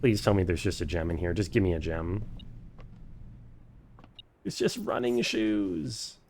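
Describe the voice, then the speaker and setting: A man's voice: deep voice, unhurried, a little mellow, slight background noise. A man streaming a game for the first time, thinking aloud, swearing freely and chatting with his viewers. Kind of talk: casual live-stream commentary.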